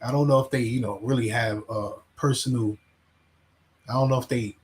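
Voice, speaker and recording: A man's voice: mid-range voice, fairly even intonation, moderate pace, a little mellow. A man hosting a casual livestream, rambling, laughing and reading chat names aloud. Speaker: livestream host.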